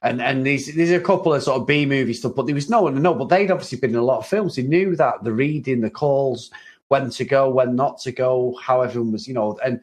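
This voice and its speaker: A man's voice: mid-range voice, a little fast. A man co-hosting a casual chat about an old film, talking freely with many restarts and frequent laughs. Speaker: podcast co-host.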